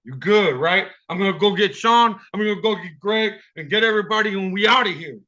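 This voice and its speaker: Calm, soothing young woman friend voiced by a man, bright tone, dull call audio. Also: high voice, a little fast, voice pushed up. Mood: reassuring.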